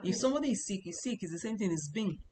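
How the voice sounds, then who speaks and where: A woman's voice: medium pitch, animated, very fast, warm tone, slight background noise. A woman teaching a language lesson, explaining patiently and repeating points with casual fillers.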